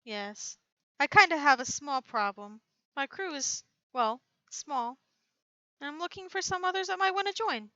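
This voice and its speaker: A woman's voice: sits high, animated, measured pace, sharp tone, dry recording, highs cut off. A woman playing a pirate captain character in a casual tabletop role-play. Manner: casual, laughs often. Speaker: player.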